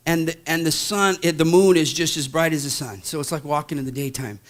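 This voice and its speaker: A man in his thirties, a pastor, telling a story in a sermon, swinging from hushed to loud. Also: on the high side.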